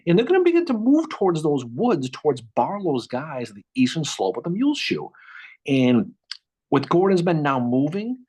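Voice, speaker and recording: A man co-hosting a casual history podcast, telling the story with lively restarts and repeated words. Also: fairly high pitch, normal speed, husky. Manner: animated, repeats words while thinking, acts out quotes. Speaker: podcast co-host.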